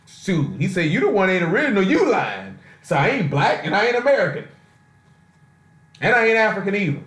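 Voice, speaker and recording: A man's voice: a little high, a bit bright. A man giving an informal sermon on a conference call, talking in a loose, streetwise way full of rhetorical asides. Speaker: preacher. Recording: roomy echo.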